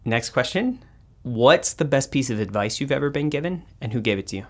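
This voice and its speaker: A man's voice: medium pitch, lively intonation, a little fast. A man hosting a podcast, asking questions in a playful, teasing way. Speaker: podcast host. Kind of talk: casual chat.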